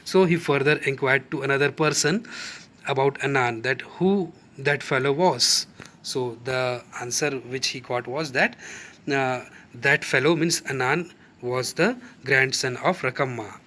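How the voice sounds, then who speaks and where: A man's voice: mid-range voice, measured pace, sharp tone. A male school English teacher with an Indian English accent, patiently explaining a lesson to students and defining words as he goes.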